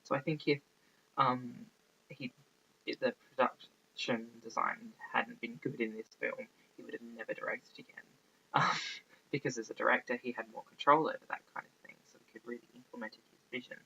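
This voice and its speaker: A man's voice: mid-range voice, fairly even intonation, moderate pace, gravelly, sharp tone, lo-fi sound. A man giving a casual, rambling film review, often losing his train of thought and filling gaps with ums. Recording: faint background noise, poor audio.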